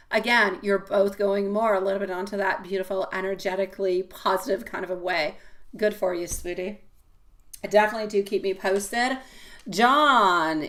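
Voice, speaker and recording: A woman hosting a live tarot stream, chatting casually with viewers and calling them sweetie and my love, swinging from loud exclamations to soft asides. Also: mid-range voice.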